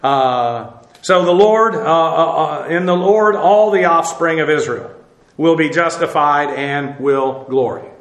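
A man teaching a Bible lesson, explaining Greek words in a halting way full of fillers. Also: on the high side, a bit bright, echoey room.

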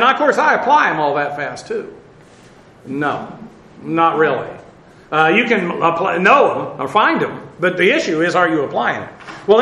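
A man's voice: high-pitched, sharp tone, echoey room, rough recording. A man teaching a sermon through Bible passages, blunt and conversational, with many fillers and restarts. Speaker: preacher.

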